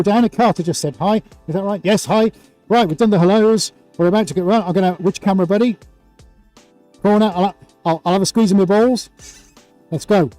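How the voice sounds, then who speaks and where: A man's voice: high voice, warm tone, dry recording. A man hosting a live painting stream, chatting playfully and greeting viewers by name. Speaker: livestream host and painter. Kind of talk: casual livestream chat.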